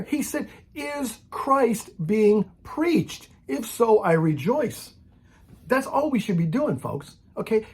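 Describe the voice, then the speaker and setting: Guy ranting at the camera, husky kinda breathy voice, blunt and preachy, stumbles and restarts a lot. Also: a little high, dark tone. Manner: blunt, preachy, repeats "okay?", many restarts. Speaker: Christian video maker. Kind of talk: impassioned direct-to-camera rant.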